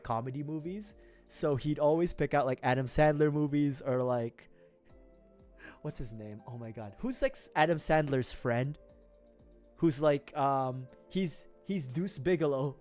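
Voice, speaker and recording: A man's voice: mid-range voice, darkish tone. A young man from the Philippines with a Filipino accent, chatting on a casual livestream, rambling, swearing freely and laughing often. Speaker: streamer.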